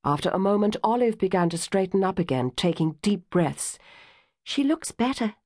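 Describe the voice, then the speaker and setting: A woman narrating an audiobook in a lively, expressive reading. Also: on the low side, a little fast, dry recording, clean studio sound. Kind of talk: scripted narration.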